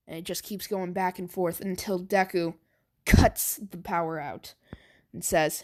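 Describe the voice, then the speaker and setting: Woman, unhurried, improvised fan story, halting, lots of fillers. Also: on the low side, fairly even intonation. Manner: hesitant, filler-heavy, stammering.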